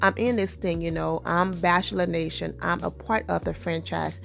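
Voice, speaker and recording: A woman's voice: on the low side, fairly even intonation, normal speed, vocal fry, fairly bright tone. A woman hosting an entertainment news vlog, reading celebrity news and then chatting casually with upbeat sign-offs.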